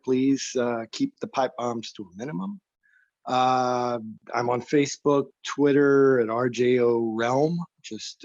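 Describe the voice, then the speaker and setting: A man's voice: medium pitch, a little mellow, no echo. A man in casual podcast chat as a guest author, blunt and sardonic, making self-mocking jokes. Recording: dull dry remote line.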